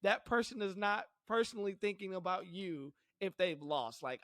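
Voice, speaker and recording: A man's voice: high-pitched, normal speed, a bit bright, no echo. A man co-hosting a casual sports podcast, telling stories in a laid-back way and chuckling often. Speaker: podcast co-host.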